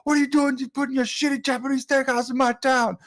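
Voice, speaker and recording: A man voicing a furious, foul-mouthed cartoon boy who yells shrilly and indignantly. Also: very high-pitched, level tone, fast, pitched above the performer's own voice. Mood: furious yelling.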